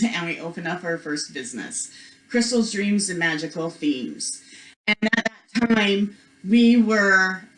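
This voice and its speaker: A woman's voice: lowish voice, a bit bright. A woman presenting a spiritual workshop, telling a personal story in a chatty way, full of "like" and "you know", acting out the voices of the people in it. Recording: echoey room.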